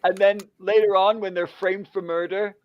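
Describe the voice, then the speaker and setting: A man co-hosting a casual book chat, an animated storyteller who laughs a lot and acts out the lines he quotes. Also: high voice, moderate pace, muffled recording. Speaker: book club co-host.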